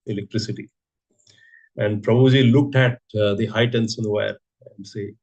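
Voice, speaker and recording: Husky man preaching. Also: on the low side, fairly even intonation, normal speed, a little mellow. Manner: storytelling with rhetorical questions and repetitions. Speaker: preacher giving a scripture class. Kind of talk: sermon.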